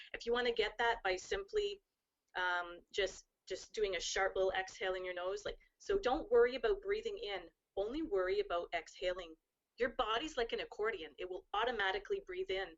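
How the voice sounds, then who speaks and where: A woman talks through wellbeing advice in a relaxed, earnest way, her sentences running on in long flowing chains. Her voice sits at a middle pitch. The audio is a bit dull, like a lo-fi live stream. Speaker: guest speaker on wellbeing. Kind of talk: casual advice chat.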